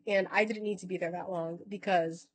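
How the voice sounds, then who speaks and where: A woman's voice: on the low side, fairly even intonation, fairly quick. A woman vlogger telling a long personal story in casual talk, rambling, correcting herself and swearing now and then. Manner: acts out other people's lines in quoted voices.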